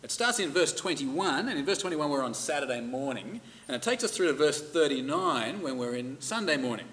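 A man's voice: fairly high pitch, lively intonation, brisk, fairly bright tone, husky. A middle-aged man preaching a conversational sermon and reading scripture aloud with emphasis. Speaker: pastor.

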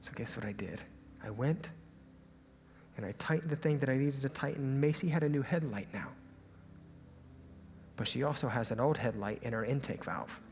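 A young man preaching a sermon as a pastor, telling a personal story in a lively, animated way and sometimes dropping to a hushed aside. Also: medium pitch, moderate pace, long pauses, a little hiss or hum. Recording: hall reverb, faint ambience.

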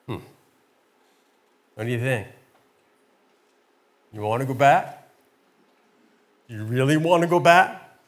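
A man's voice: mid-range voice, lively intonation, slow pace, pauses often. A man preaching a sermon in a heartfelt, searching way, often repeating his words for emphasis.

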